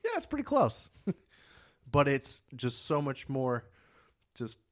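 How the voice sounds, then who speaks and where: A man's voice: mid-range voice, huge pitch swings, takes it slowly. A young man co-hosting a podcast in casual chat, swearing freely, laughing often and trying out regional accents. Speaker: podcast co-host.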